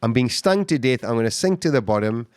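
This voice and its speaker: A man, a podcast guest, telling his own survival story in the first person, animated, with restarts and sudden bursts of emphasis. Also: medium pitch, fast talker, smooth, no room sound, clean studio sound.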